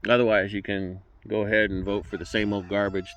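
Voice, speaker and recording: A man's voice: fairly low pitch, level tone, brisk, fairly bright tone, muffled recording. An emotional man speaking as a political candidate, folksy and fervent, often repeating words as he restarts. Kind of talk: direct-to-camera campaign address.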